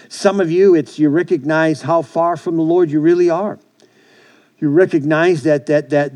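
A man's voice: on the high side, warm tone. A man preaching a sermon as pastor, earnest and repetitive, often restarting his phrases.

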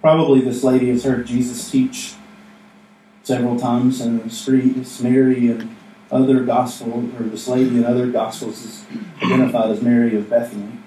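A man's voice: medium pitch, flat delivery, moderate pace, mellow, slight background noise. Casual preaching man in an echoey hall. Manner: conversational, jokey, acts out asides. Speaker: pastor. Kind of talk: casual sermon. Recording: echoey room, mic from a distance.

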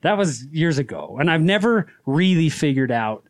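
A man with a fairly high, swinging voice tells farm stories on a podcast, chatty and animated. He laughs easily and acts out the people he quotes. The sound is dry and close on a studio mic. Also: normal speed, no echo. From Utah. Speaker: farmer, podcast guest. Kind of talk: casual storytelling chat. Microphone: podcast studio microphone.

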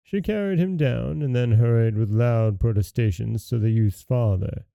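A man hosting and reading a fairy tale aloud in measured storybook narration. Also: medium pitch, vocal fry, no echo, dull audio. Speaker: storyteller host.

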